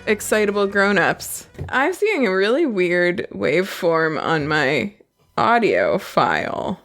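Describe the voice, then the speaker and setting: A woman's voice: mid-range voice, very animated, slow pace, fairly bright tone, soft background music. Giggly, chatty woman podcast host. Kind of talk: casual chat.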